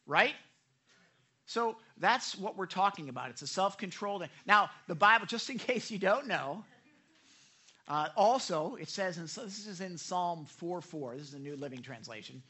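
A middle-aged male pastor preaches with lively energy, slipping into little acted scenes of the people he talks about. His voice sits a touch high for a man and rings bright and forceful. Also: normal speed. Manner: animated, acts out quoted people. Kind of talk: sermon.

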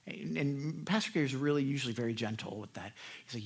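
A man preaching a sermon as pastor, animated and acting out the people in his stories. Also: mid-range voice, fast talker, husky. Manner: animated, acts out quoted people.

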